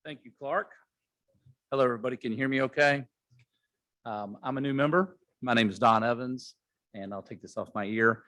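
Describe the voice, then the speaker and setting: A man's voice: mid-range voice, a bit bright, no room sound. A man, a new club member, introducing guests at a meeting in a hesitant way with many fillers. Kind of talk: reading names at a club meeting.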